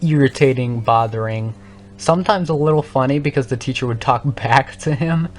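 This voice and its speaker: A man's voice: mid-range voice, normal speed, a little hiss or hum. A teenage boy, a gaming channel host, telling a casual story in a rambling way, correcting himself often and laughing as he goes. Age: young teens.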